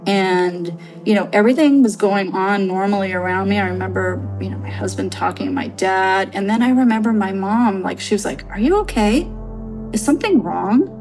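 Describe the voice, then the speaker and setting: A woman telling her own paranormal story on a podcast, halting and earnest, full of fillers as she searches for words. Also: medium pitch, animated, darkish tone, faint music behind. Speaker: storyteller guest.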